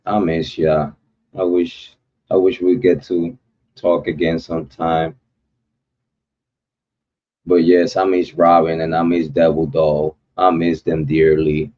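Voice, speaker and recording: On a true crime livestream, a low-pitched man talks in loose, repetitive slang and sends sincere shout-outs to his viewers. The audio is dull.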